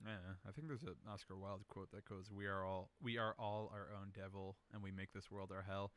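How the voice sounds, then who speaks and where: A man's voice: sits low, steady tone, brisk, fairly bright tone. A young man hosting a casual solo show, rambling through questions in a profane, self-mocking way. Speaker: podcast host answering questions.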